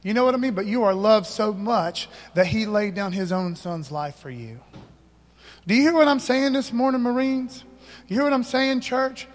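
A man's voice: high voice, normal speed, long reverb tail. A man pastor preaching a sermon, emphatic, calling out to the congregation for responses.

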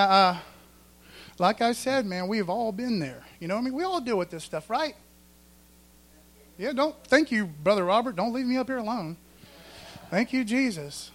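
High-voiced folksy preacher. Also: male voice. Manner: folksy, animated, asks the congregation often. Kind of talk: sermon. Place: church.

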